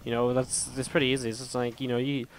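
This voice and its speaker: A man's voice: medium pitch, flat delivery, quick pace. Chatty male esports caster with a strained voice. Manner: chatty, rambling, talks to viewers directly. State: slightly strained voice. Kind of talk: live play-by-play game commentary.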